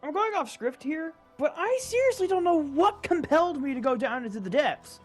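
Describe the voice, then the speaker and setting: Animated woman narrating her gameplay. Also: sits high, normal speed, soft background music. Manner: exasperated, self-mocking, swears casually. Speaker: gaming YouTuber. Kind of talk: casual gameplay commentary.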